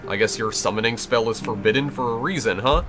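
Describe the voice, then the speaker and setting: A man's voice: medium pitch, fast talker, a bit bright, close to an everyday voice. A man reading the lines of a determined banished young witch in his own plain voice, with game music behind.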